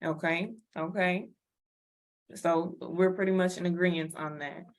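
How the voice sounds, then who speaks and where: Low-voiced woman giving a casual workshop. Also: steady tone, measured pace. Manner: chatty, laughs often, acts out little quoted scenes. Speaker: wellness workshop presenter. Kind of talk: casual lecture.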